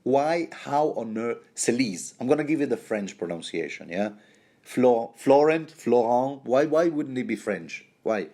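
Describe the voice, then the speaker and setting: A man's voice: mid-range voice, sing-song, moderate pace, warm tone, slightly rough. A man hosting a rambling, jokey book commentary, often stumbling and restarting mid-sentence.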